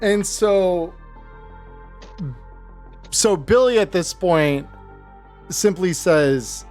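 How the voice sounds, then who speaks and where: Guy running a tabletop game, super slow, lots of ums, faint music under it. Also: high voice. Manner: slow, relaxed, with frequent fillers. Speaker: game master.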